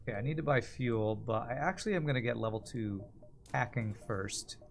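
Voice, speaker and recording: A man's voice: medium pitch, fairly quick, soft background music. A man streaming a strategy game, chatting casually and answering viewers' comments while he plays. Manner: chatty, reads and answers chat while playing.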